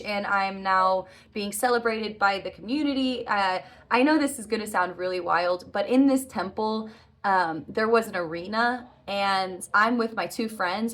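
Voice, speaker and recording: A woman speaking at a middle pitch in a relaxed, unscripted monologue. She talks earnestly and rambles a little, breaking off and restarting as she works through a long story. Fillers like "uh" and "like" keep it loose and conversational. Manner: earnest, rambling, self-correcting with frequent "like" and "uh". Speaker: vlogger recounting a dream.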